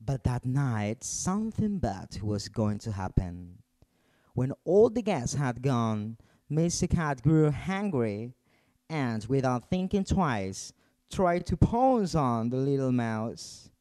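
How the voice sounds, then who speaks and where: A man reading a children's story aloud in an expressive storytelling manner. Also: medium pitch, slow, no room sound.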